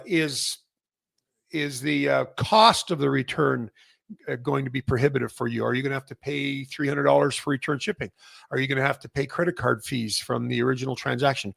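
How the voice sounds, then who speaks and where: A man's voice: on the high side, gravelly, fairly bright tone, no echo, studio quality. A middle-aged man from Canada hosting a casual industry update, rambling with many restarts and fillers. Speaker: massage chair retailer and host.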